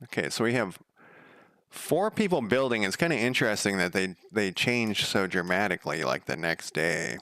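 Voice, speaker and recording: A man's voice: lively intonation, moderate pace, smooth, no echo. A man streaming his game coding, chatting casually and swearing freely as he rambles through a story. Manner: loose, profane storytelling with frequent fillers; gets louder and higher when quoting others. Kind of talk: casual rambling livestream chat.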